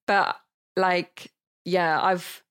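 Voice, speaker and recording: A woman with a northern English accent, talking as a podcast guest. She speaks candidly and rambles a little, swearing and laughing even about grim things. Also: lowish voice, extremely slow, clean tone. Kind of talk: casual conversational interview.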